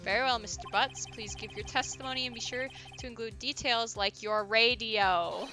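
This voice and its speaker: A woman's voice: a little high, normal speed, sharp tone, soft background music, poor audio. A woman voicing a fussy older male judge, speaking formally and mildly exasperated.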